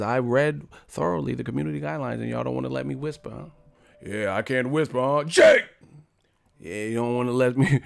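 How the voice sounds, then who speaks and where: A man's voice: mid-range voice, vocal fry, no room sound, studio quality. A man hosting his boxing channel in a casual live-stream rant, profane and joking, breaking into laughter.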